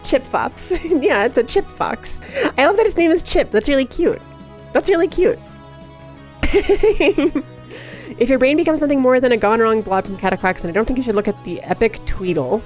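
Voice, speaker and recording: A woman's voice: high-pitched, expressive, normal speed, darkish tone, soft background music. A woman live streaming who chats casually and reads chat aloud, giggly and playful with frequent laughter.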